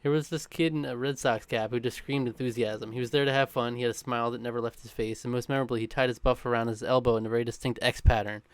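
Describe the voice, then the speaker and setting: A man's voice: medium pitch, steady tone, clean tone. A man co-hosting a podcast, reading a countdown script with a chuckle now and then, mixed with casual chat. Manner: brisk, chuckling between lines.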